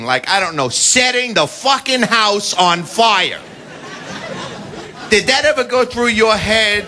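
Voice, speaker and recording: American guy doing stand-up, brash and swearing, high voice, loud live club crowd laughing behind him. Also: a little hiss or hum. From United States. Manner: brash, profane, animated storytelling with shouted impressions. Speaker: stand-up comedian. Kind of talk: stand-up comedy routine. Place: comedy club stage before a live audience. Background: audience laughter and applause.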